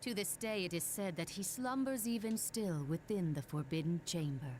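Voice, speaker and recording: A woman's voice: on the low side, normal speed, a little mellow, a little hiss or hum, natural voice. A woman narrating a game cutscene legend in a solemn, storybook manner.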